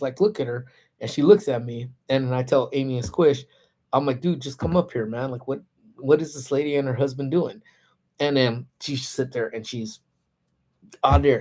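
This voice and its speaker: A man's voice: mid-range voice, a little mellow. A man hosting a casual lunch-break livestream, telling a story and greeting viewers by name. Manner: chatty, reads out viewer names. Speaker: livestream host. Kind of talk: casual live chat.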